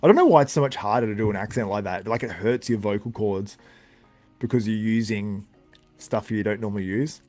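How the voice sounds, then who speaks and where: A man's voice: lowish voice, a little fast, darkish tone, faint music behind. A man hosting a live stream, with a tired, sore voice, chatting casually and commenting as it happens. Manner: chatty, reacts to chat with laughs. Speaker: livestream host.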